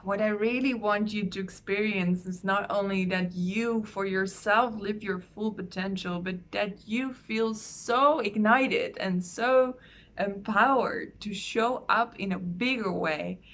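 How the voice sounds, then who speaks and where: A woman, a soul coach, speaking in an earnest, gentle way in a heartfelt online talk. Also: medium pitch. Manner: earnest, gentle, slow with pauses.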